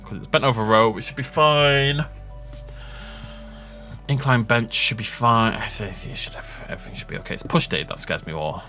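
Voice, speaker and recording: A man's voice: medium pitch, moderate pace, pushed and bright, soft background music. A young man rambling and joking as he plays, self-mocking and chatty. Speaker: gaming YouTuber. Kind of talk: rambling gameplay commentary.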